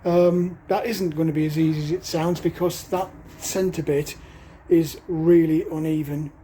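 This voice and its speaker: A vlogger talks through a job outdoors, breathless from the work and pausing often with an "uh" or a small laugh. The delivery is slow and the voice mellow, with a faint hiss of outdoor air behind it. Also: medium pitch. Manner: chatty, halting, with frequent "uh" and little laughs. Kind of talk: casual narration while working. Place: outdoors at a woodland cabin.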